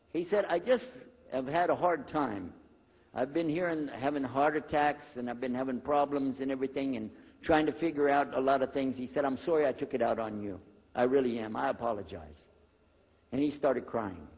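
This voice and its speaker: An older American man telling his life story to an audience, acting out the dialogue with lively shifts. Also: mid-range voice, slightly rough. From United States. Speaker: former preacher telling his conversion story. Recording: dull lo-fi recording in a reverberant hall.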